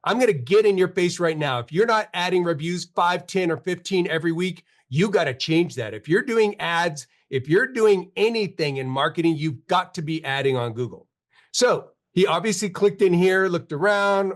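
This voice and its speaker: This is a man in his fifties with a notably high-pitched voice, hosting a live webinar. He talks in an emphatic, repetitive way, hammering home his points like a coach pushing a team. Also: animated, normal speed. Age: 50s. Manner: emphatic, repetitive motivational urging. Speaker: marketing webinar host. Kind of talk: live webinar pep talk.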